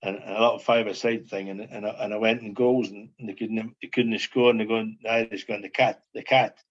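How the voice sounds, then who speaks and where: A man's voice: on the low side, little pitch movement, a little fast, muffled recording. An older man, a former footballer, reminiscing as a podcast guest in a rambling way, repeating phrases and asking "you know what I mean". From Scotland. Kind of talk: casual reminiscing chat.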